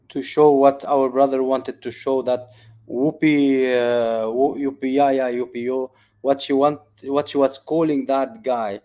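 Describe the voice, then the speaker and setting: A man hosting an online talk on a video call, speaking haltingly and searching for words, with some teasing. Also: medium pitch, darkish tone. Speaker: channel host. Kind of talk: casual online discussion.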